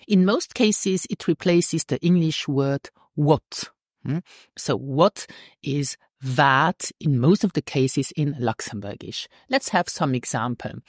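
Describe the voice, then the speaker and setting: Slow, patient woman teacher, low-pitched. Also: darkish tone, husky, no echo, clean studio sound. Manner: patient, slow and deliberate, checks in with "hmm?" and "okay?". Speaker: language teacher. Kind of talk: online language lesson.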